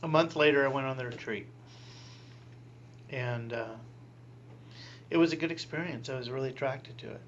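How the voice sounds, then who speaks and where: Animated storytelling priest, lo-fi. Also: male voice, medium pitch, normal speed, pauses often. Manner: animated, acts out quoted voices with laughing asides. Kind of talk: storytelling in an interview. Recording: dull lo-fi recording with faint hum.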